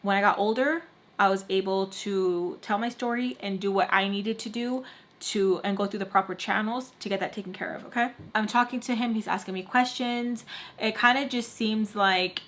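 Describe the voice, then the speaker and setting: A young woman vlogger recounting a story straight to camera, chatty and filler-heavy. Her pitch sits in an ordinary middle range, and her tone stays blunt and fed up as she talks. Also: fairly even intonation, normal speed, a bit bright. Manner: frustrated, blunt tone. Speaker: beauty vlogger. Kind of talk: casual storytime.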